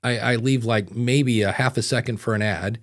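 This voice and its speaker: Animated podcast host, man. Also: medium pitch, normal speed. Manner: animated, slips into silly voices. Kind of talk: casual podcast chat.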